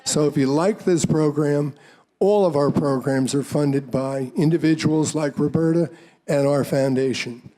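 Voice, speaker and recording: A man's voice: fairly high pitch, unhurried, dark tone. A man hosting a library program, making informal, joking remarks before introducing the speaker. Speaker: program host.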